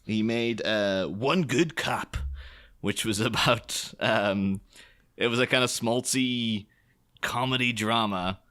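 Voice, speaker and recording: Male podcast host, casual movie chat, crisp forward tone, laughs as he rambles. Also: fairly low pitch, takes it slowly. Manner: rambling, chuckling often, animated.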